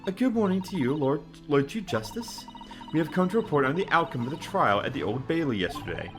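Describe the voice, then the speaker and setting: Brief: man doing a polite, anxious young male lawyer, very animated pitch. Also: fairly quick, music in the background.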